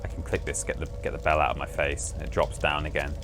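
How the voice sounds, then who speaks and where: A man's voice: very deep voice, monotone, fast. A man chatting amusedly as he plays through a game on a livestream, rambling and correcting himself. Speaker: livestream host playing a game. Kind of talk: casual gameplay commentary. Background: faint game music.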